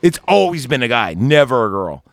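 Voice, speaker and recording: A man's voice: medium pitch, big pitch swings, brisk, gravelly, no room sound, soft background music. A man hosting a casual podcast about a film, rambling, swearing often and laughing easily. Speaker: podcast host.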